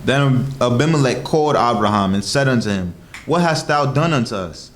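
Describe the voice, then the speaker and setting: A man reading old-fashioned scripture aloud in a steady, measured way, with an occasional slip. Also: mid-range voice, a little hiss or hum. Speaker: scripture reader.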